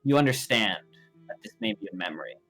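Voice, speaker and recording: A man's voice: fairly low pitch, animated, fast, a bit bright, soft background music. A man running a tabletop game as game master, describing scenes with frequent fillers.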